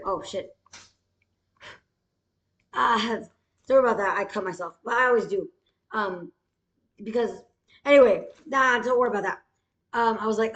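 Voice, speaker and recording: A woman's voice: medium pitch, fairly bright tone, echoey room. A woman telling a rambling, profane story in a casual way, with many fillers.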